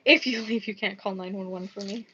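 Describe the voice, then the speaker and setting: A woman's voice: medium pitch, fairly even intonation, fairly quick, bright, forceful tone, breathy edge. A woman chatting casually on a live stream while crafting, rambling, swearing freely and muttering counts under her breath. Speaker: livestreaming crafter. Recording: dull lo-fi stream audio.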